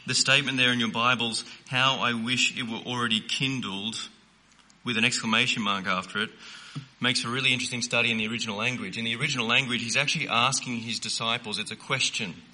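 Bright-voiced earnest male preacher. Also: medium pitch, fairly even intonation. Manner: earnest, emphatic preaching with slowed stressed phrases. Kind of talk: sermon.

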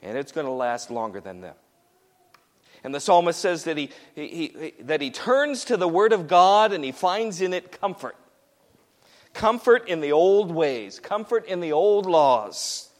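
A man's voice: fairly high pitch, animated, measured pace, in a large hall. A man preaching a sermon to a congregation, emphatic and repetitive as he presses each point home. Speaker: pastor.

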